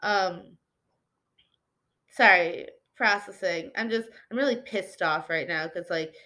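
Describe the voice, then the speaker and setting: A woman hosting her own podcast, talking candidly and rambling, swearing freely and restarting her sentences, a little high while recording. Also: takes it slowly, bright, forceful tone. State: slightly high. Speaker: podcast host. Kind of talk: casual personal podcast monologue.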